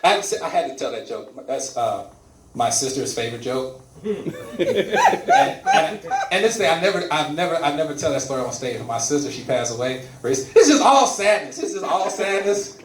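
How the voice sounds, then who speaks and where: Animated male stand-up comic in echoey club. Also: medium pitch, moderate pace, recorded from a distance, slight background noise. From Louisiana. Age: 40s. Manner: animated, crowd work, loud put-on voices. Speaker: stand-up comedian. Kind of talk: stand-up comedy. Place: comedy club with laughing audience.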